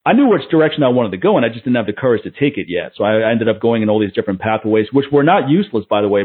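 Earnest, quick-talking man on a tinny line. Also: medium pitch, husky. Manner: reflective, earnest storytelling. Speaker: podcast host, fitness entrepreneur. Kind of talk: casual podcast chat. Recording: tinny phone-like audio.

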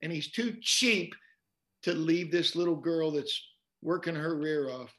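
Male pastor guest, slightly high voice, animated preacher-style storytelling in conversation. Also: a little slow. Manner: animated storyteller, repeats words while quoting scripture.

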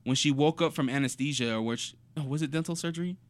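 A man's voice: on the high side, fast talker. A man co-hosting a podcast in casual, playful chat, jumping into silly put-on accents now and then. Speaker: podcast co-host.

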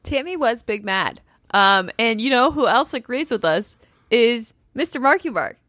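A woman's voice: fairly high pitch, animated, normal speed, pushed and bright, dry recording, clean studio sound. A woman co-hosting a podcast, chatting playfully about reality TV and laughing often. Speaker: podcast co-host. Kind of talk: casual reality TV recap chat.

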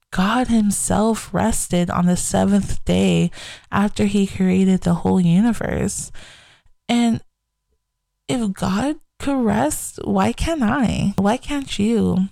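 A woman's voice: mid-range voice, gravelly, warm tone, no echo. A young adult woman hosting a faith podcast, talking candidly and reflectively in a casual way. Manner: candid, reflective, slow-paced. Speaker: podcast host.

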